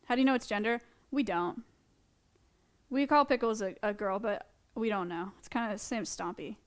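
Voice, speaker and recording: A woman's voice: mid-range voice, normal speed. A young woman streaming from an animal sanctuary, talking casually and gushing affectionately about a small bug. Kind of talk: casual live-stream chat. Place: indoor animal sanctuary room.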